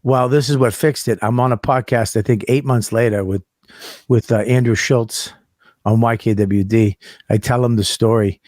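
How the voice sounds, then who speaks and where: A man telling a road story in casual chat, profane and animated, acting out the people he quotes. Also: mid-range voice, normal speed, no echo, clean studio sound. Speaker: comedian guest.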